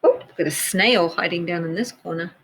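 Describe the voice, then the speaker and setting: A woman teacher reading a picture book aloud to children, gently pointing out details in the pictures as she goes. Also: on the low side, moderate pace, slight background noise, rough recording.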